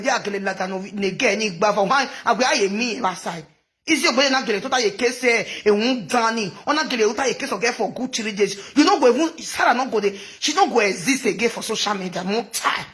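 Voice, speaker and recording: A Nigerian social media commentator rambles through chatty gossip commentary into her phone, mixing in local phrases and laughing often. Her voice is a little high and fairly bright.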